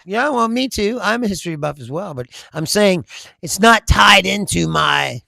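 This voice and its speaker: Middle-aged guy riffing on comments, lively swooping pitch, dry close sound, lots of laughing. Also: moderate pace, gravelly, dry recording. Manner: laughing, profane, animated storytelling. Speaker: political commentary host reading viewer comments. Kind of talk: casual livestream chat.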